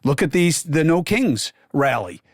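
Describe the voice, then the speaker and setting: A man's voice: on the high side, big pitch swings, a little slow, no room sound. A man hosting a podcast, delivering blunt, profane, sarcastic political commentary into a close microphone. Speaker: podcast host.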